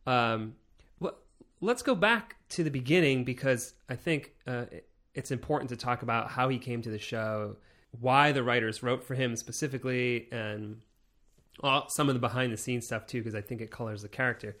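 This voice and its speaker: A man's voice: mid-range voice, normal speed, fairly bright tone. A man co-hosting a casual podcast discussion, hesitant and hedging as he talks. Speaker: podcast co-host.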